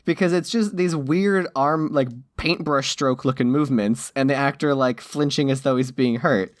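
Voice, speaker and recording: A man's voice: medium pitch, moderate pace, no room sound. Wry male podcast co-host, dry sound. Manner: wry, sardonic quips. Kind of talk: casual chat.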